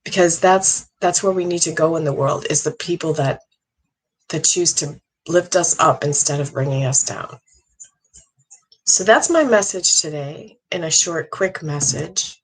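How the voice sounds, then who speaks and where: A middle-aged woman, a psychic medium, giving an earnest, halting monologue with many restarts. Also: deep voice, husky, low-quality recording. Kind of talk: casual monologue.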